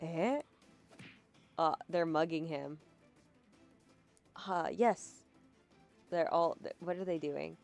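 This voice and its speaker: A woman's voice: deep voice, takes it slowly, gravelly, long pauses, darkish tone. A woman streamer casually live-translating a game, with chatty, laughing asides. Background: game music.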